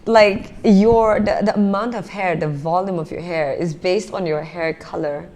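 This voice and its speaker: A woman co-hosting a podcast, chatting casually, bubbly and quick to laugh. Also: lowish voice, darkish tone. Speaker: podcast co-host. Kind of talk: casual chat.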